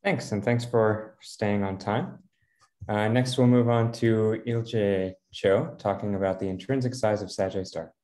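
A man's voice: lowish voice, fairly even intonation, measured pace, warm tone. A man moderating an online conference session, keeping time and introducing speakers politely.

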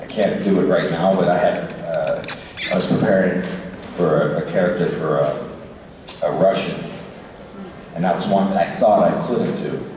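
A tired man chatting casually as a convention panel guest, relaxed and quick to laugh. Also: sits low. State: tired, short on sleep. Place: large convention hall. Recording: echoey hall recorded from far off.

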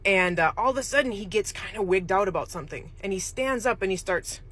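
A woman's voice: medium pitch, lively intonation, quick pace, fairly bright tone, slight background noise. A woman casually telling a creepy true story, chatty and rambling, with laughs mid-sentence. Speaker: storyteller host.

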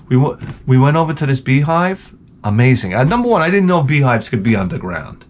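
Animated New guy telling stories. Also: medium pitch, fairly quick, a little hiss or hum. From New York. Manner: animated, profane, sarcastic asides. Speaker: gaming channel host. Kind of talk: casual rambling storytelling.

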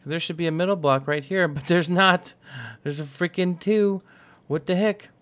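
A young man chats casually while he plays a building game. His voice sits a little high, and he rambles along, cracking jokes at his own mistakes. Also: normal speed, fairly bright tone. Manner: rambling, self-mocking and jokey. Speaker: gaming channel host. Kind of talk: casual let's-play commentary.

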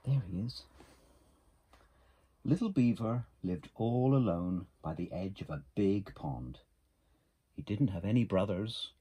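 A middle-aged man reading a children's picture book aloud in a gentle, expressive way. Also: fairly low pitch, takes it slowly, long pauses, husky. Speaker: storybook reader.

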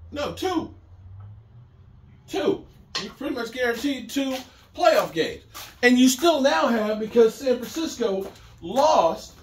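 A middle-aged man talks sports in a loose, rambling monologue, circling back and repeating phrases. His voice sits high for a man and swings widely up and down. The sound is roomy, with a noticeable echo. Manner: animated, repetitive, conversational. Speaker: sports commentator. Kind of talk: casual sports talk monologue.

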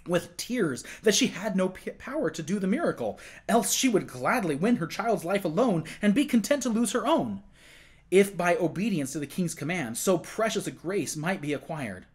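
A man narrating a classic novel aloud for a children's class, in an expressive, plain reading. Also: sits high, normal speed, breathy edge.

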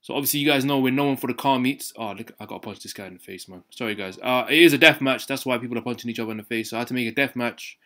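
Fast-talking young gaming commentator. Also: male voice, medium pitch. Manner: excited, slangy, addresses viewers directly. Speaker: gaming YouTuber. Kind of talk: casual gameplay commentary.

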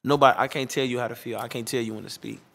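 Male DJ, casual interviewee, laid-back slang, lively when mimicking people. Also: medium pitch, very fast, gravelly.

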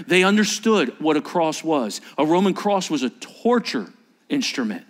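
A man's voice: high voice, very animated, moderate pace. A man preaching a sermon in church, dramatically acting out the voices of the people in his story. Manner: dramatic, acts out quoted disciples with shifting voices. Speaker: pastor.

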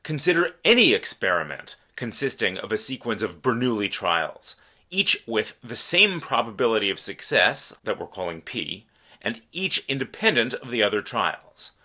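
A man delivers a recorded math lecture in a lowish voice. His tone is bright and forceful. He explains each step with care and presses hard on the ideas that matter. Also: sing-song, normal speed. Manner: careful, explanatory, stresses key points.

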